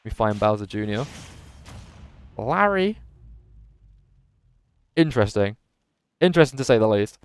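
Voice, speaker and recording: A man commentating a live video game tournament and chatting with viewers in a lively commentator voice that he says is a little strained today. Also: on the low side, fast talker, clean tone, dry recording. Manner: animated commentator voice, says his voice is going. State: slightly strained voice.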